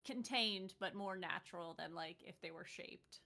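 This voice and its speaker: A woman's voice: fairly low pitch, normal speed, creaky, pushed and bright. A woman playing a tabletop game, chatting in a rambling way full of 'like's. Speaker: player. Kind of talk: casual tabletop game play.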